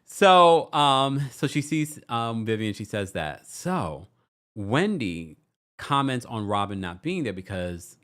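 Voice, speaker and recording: Male recap host, lively pitch, chatty and theatrical. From United States. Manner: animated, acts out quotes in mocking voices. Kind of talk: casual commentary recap.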